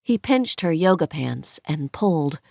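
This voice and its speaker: Brief: audiobook narrator, woman, low pitch, steady scripted reading. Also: unhurried, gravelly, no room sound, clean studio sound.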